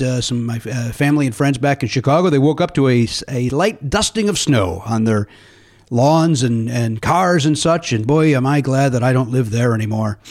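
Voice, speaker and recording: A middle-aged man hosting a podcast, chatting casually and rambling with sarcastic, profane asides. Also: medium pitch. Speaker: podcast host. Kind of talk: casual chat.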